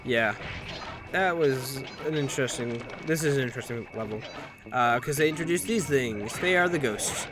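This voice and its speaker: A man's voice: mid-range voice, moderate pace. A man giving casual gameplay commentary, rambling and jokey, swearing and correcting himself as he goes. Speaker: let's play commentator. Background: game music.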